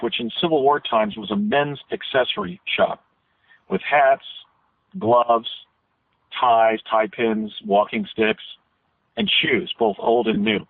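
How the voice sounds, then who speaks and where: A man's voice: mid-range voice, no echo. A man guest on a radio interview, telling long rambling recollections with frequent restarts. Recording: tinny phone line.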